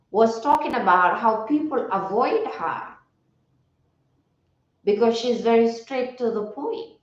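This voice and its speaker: A woman wellness coach giving a casual motivational talk, reflective and repeating her key phrases. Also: fairly high pitch. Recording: roomy, slightly dull recording.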